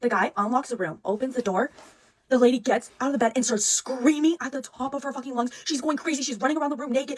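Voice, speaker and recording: A woman telling a story in an excited, profane, breathless way. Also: high voice, fast. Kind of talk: casual storytime.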